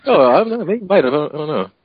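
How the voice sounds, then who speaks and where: A man's voice: on the high side, very animated, fast talker, muffled recording, crowd noise. A man chiming in with short agreements and remarks in a casual chat. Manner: brief agreeing interjections.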